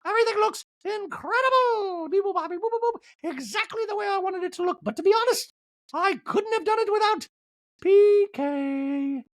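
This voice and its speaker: A woman doing a comic impression of a prim, gushing rich hostess in a squeaky voice. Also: lively intonation, normal speed, dry recording.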